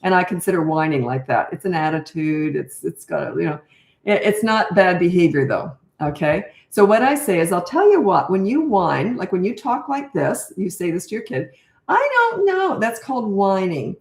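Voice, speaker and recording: An older woman answers viewer questions in an off-the-cuff live Q&A, blunt and matter-of-fact, with frequent restarts as she thinks aloud. Her voice sits fairly low, and the room around her is echoey. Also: lively intonation, normal speed, a little mellow. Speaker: parenting coach.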